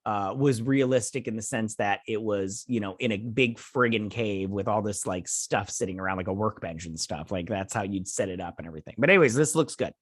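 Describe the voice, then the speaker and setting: A man's voice: fairly low pitch, a little fast, few pauses, no room sound, studio quality. Rambling man recapping a TV episode. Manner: rambling retelling, many fillers like "like" and "he's all like"; frank, swears freely. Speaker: show host reviewing a TV episode. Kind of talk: casual recap and review.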